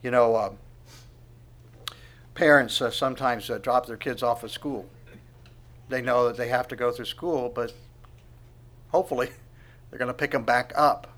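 A man preaching a sermon, asking the congregation questions and swinging from quiet asides to loud proclamation. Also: medium pitch, fairly even intonation, moderate pace, long pauses. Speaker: pastor.

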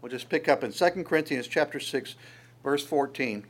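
A man preaching a sermon, lively and conversational, often stammering on repeated words and acting out quoted voices. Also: medium pitch, normal speed. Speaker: pastor.

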